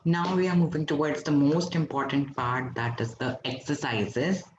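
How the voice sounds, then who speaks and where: A man's voice: fairly high pitch, steady tone, normal speed, background noise. A man from India teaching a French lesson to an online class, patiently explaining step by step and quizzing his students. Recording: roomy, dull lo-fi recording.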